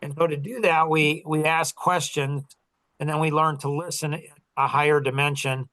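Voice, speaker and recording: A man's voice: on the high side, steady tone, moderate pace, sharp tone, rough recording. A middle-aged man coaching in a casual chat, rambling through stories with many fillers and restarts. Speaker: business coach and podcast host.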